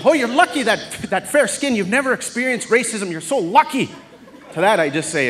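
A man performing a stand-up comedy set on a theatre stage, telling animated stories that build to shouted chants. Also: sits high, a little fast, big-room sound, a crowd in the background. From Canada. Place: theatre stage before a live audience. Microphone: stage microphone. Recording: live theatre taping with audience laughter.

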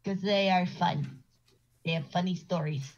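A woman's voice: fairly low pitch, measured pace, dull audio. A woman chatting eagerly about games with friends on a stream. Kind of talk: casual chat with friends on a stream.

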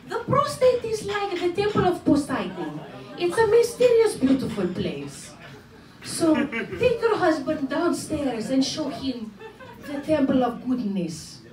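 A woman putting on a bawdy older Greek lady with a thick Greek accent, high and swooping, who talks in broken grammar and cackles like a stand-up act. The voice is lively and theatrical. It comes from a pub stage, picked up from afar in an echoey room with a laughing crowd. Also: distant mic, exaggerated voice. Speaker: stand-up comic. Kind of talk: character stand-up comedy. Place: pub stage at a variety show. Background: audience laughing.

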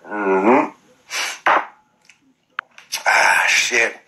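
A man's voice: fairly low pitch, extremely slow, background noise. A man telling a profane story on a phone live stream, laughing often.

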